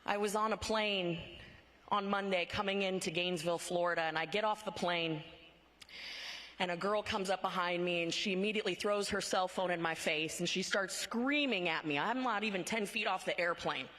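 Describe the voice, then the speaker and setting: A woman's voice: fairly low pitch, normal speed, a bit bright. A woman giving a motivational conference speech, talking in short, punchy phrases and often checking in with a rhetorical "right?". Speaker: conference speaker. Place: large conference hall. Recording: long hall reverb from a large venue.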